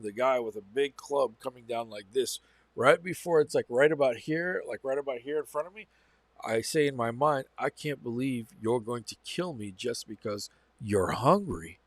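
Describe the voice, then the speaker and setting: A man's voice: medium pitch, a bit bright. A man with a mid-range voice recounts a personal experience straight to camera, casual and meandering, circling back and restarting his sentences. The sound is dry, with no room echo around him. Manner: rambling, repeats phrases, self-corrects. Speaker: channel host. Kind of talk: casual first-person storytelling.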